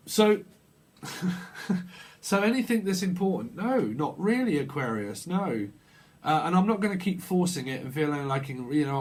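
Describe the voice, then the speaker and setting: A man giving a casual, rambling tarot reading, repeating phrases and acting out little exchanges. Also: on the high side. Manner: rambling, repetitive, acts out little dialogues. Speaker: tarot reader. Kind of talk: casual intuitive reading monologue.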